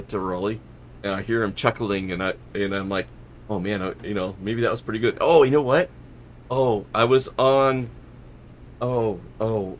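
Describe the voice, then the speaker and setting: A man's voice: fairly low pitch, a little hiss or hum. A man hosting a live stream, chatting casually and rambling as he flies a flight simulator, often correcting himself and laughing.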